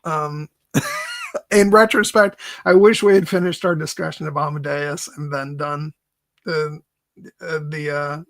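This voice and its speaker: A fairly high-pitched man with a gravelly, fry-laden voice, recorded close and dry. He hosts a casual film podcast, halting over his words with lots of "uh" and quick laughs. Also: steady tone, no echo. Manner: halting, filler-heavy, laughs often. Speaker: podcast host.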